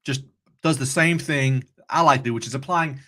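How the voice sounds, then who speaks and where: A man's voice: mid-range voice, moderate pace, fairly bright tone. A man hosting a live trading stream, chatty and upbeat, easily sidetracked as he talks through charts. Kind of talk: casual live-stream commentary.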